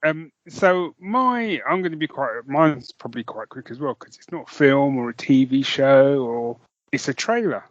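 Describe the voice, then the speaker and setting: A man's voice: mid-range voice, lively intonation, normal speed. A British man co-hosting a podcast, chatting casually and enthusiastically, rambling a little and laughing often. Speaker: podcast co-host. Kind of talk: casual chat. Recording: dull lo-fi dry recording.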